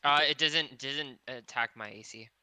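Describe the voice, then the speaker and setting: Casting: reactive male tabletop player, very bright crisp voice. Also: mid-range voice, moderate pace, dry recording. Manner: reactive, swears when things go wrong. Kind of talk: casual tabletop play.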